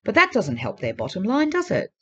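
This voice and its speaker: A woman's voice: mid-range voice, huge pitch swings, brisk, highs cut off. Earnest, urging woman vlogger. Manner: earnest, urging, repeats pleas for emphasis. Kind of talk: casual talk to camera.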